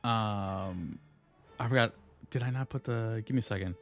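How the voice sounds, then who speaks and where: A man running a tabletop game as game master, halting and full of fillers and checking questions. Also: lowish voice, faint music behind. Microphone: streaming setup.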